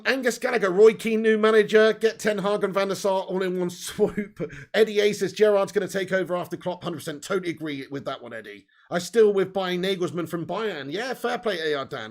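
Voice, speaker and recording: A fan channel host with a high, creaky voice chats on a live stream. Reading viewer comments, he keeps things loose and profane, with frequent laughter.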